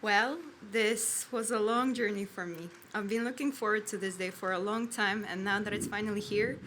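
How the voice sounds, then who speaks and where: A woman's voice: mid-range voice, moderate pace, background noise. A nervous young woman in her late teens giving a reflective, sincere graduation speech. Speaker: graduating student. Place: outdoor graduation ceremony.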